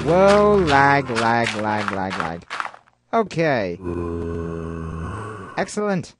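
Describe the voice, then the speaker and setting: A man giving rambling gameplay commentary, talking to himself with excitable outbursts. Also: fairly high pitch, very slow, pauses often, background noise. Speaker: let's play host.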